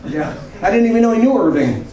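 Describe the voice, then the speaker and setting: A man's voice: high voice, big pitch swings, fast. A man in his seventies doing a self-mocking, rambling stand-up set. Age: 70s. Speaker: stand-up comedian. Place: comedy club stage. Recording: echoey club, distant mic, audience. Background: crowd laughter.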